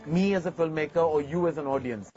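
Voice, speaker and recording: A man's voice: a little high, fast talker, warm tone, faint music behind. Brief: male film director fronting a TV feature, heartfelt anecdotes, muffled broadcast sound. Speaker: filmmaker hosting a TV segment. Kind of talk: reflective to-camera talk.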